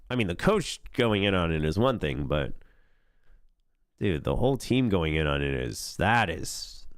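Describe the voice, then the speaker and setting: Animated, laughing male streamer. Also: mid-range voice, no room sound, clean studio sound. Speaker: esports caster and streamer. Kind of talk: casual stream reaction.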